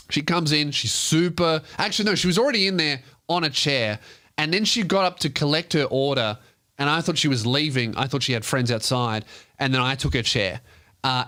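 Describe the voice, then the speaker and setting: A man's voice: mid-range voice, bright, forceful tone. A man, hosting a comedy podcast and telling a loose, profane anecdote. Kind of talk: comedic storytelling.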